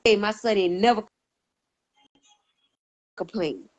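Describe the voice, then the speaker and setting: A woman's voice: mid-range voice, slow pace, low-quality recording. A woman giving a personal testimony as a guest, telling her story earnestly and emphatically and acting out the dialogue she quotes.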